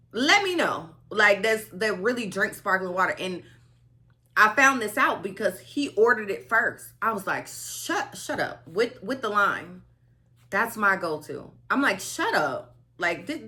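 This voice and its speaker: A young woman vlogger telling a personal story in a chatty, animated way. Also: medium pitch. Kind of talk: storytime vlog.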